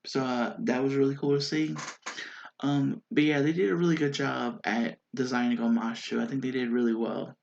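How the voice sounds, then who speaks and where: A man's voice: mid-range voice, normal speed, creaky. A man giving a casual, enthusiastic spoken review, rambling with lots of fillers and restarts. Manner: excited and enthusiastic. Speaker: YouTube show reviewer. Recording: dull lo-fi sound.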